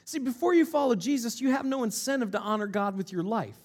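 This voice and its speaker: High-voiced man preaching emphatically. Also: animated, quick pace, a little mellow. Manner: emphatic, rhetorical questions, repeats key lines. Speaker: pastor. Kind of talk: sermon.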